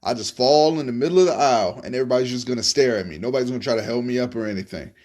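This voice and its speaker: A man's voice: mid-range voice, racing, a little mellow. Laid-back profane man telling stories. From Tampa, Florida. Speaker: podcast host telling stories. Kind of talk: casual storytelling monologue.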